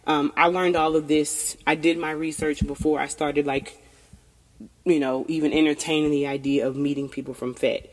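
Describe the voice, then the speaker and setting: A woman's voice: low voice, flat delivery, moderate pace. A woman in candid casual chat, frank and profane, laughing often and a little tipsy. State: tipsy from tequila. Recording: long reverberant room.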